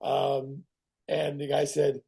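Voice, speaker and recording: Gravelly man telling animated stories. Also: medium pitch, takes it slowly. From Canada. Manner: animated storyteller who swears and acts out the voices of people in his stories. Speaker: guest actor. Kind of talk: casual interview chat.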